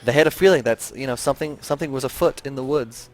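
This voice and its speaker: A tired man giving play-by-play esports commentary, getting excitable and high in big plays. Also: quick pace.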